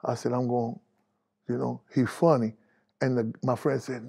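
A man's voice: medium pitch, steady tone, moderate pace, vocal fry, dark tone, husky. A man giving his spoken testimony as a preacher, candid and plainspoken with street phrasing, rising animatedly when he retells conversations.

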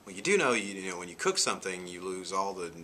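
A man in his forties tells a meandering story to his vlog viewers, filling the gaps with "you know" and "like". His voice sits very low but has a bright, forceful edge. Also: big pitch swings, fast talker, slight background noise. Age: 40s. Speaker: vlogger. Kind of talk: casual chat.

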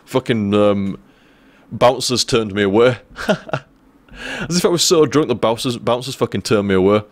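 Young male streamer, casual rambling storyteller, mid-pitched voice, dry close sound. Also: normal speed, no room sound. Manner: rambling, profane, restarts often.

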